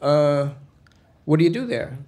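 A man's voice: a little high, animated, a little slow, darkish tone, voice pushed up. A man voicing a male police detective who questions a child in a coaxing, probing way.

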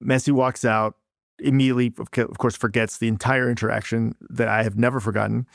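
A man's voice: mid-range voice, level tone, fast, gravelly, dry recording. Guy rambling thru a story, lots of likes and um, pokes fun at himself, dry close mic. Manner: self-deprecating, rambling with many fillers and restarts. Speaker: guest storyteller. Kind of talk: casual storytelling chat.

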